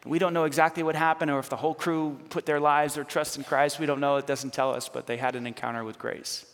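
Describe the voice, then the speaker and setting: Animated male pastor preaching in a hall. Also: fairly high pitch, fast. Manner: animated, conversational, teasing. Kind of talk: sermon. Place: church. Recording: reverberant church hall.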